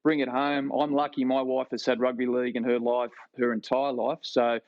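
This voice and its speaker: Australian man telling a lively story. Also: mid-range voice, normal speed, no echo, muffled recording. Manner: animated anecdotal storyteller, self-deprecating. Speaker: guest, former rugby league player. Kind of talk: storytelling interview. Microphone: video call.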